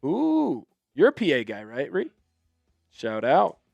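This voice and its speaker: A man's voice: on the high side, wildly swooping pitch, slow, creaky, darkish tone, no echo, faint music behind. A man hosting a live sports stream, greeting chat viewers in an upbeat, chatty way. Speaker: host.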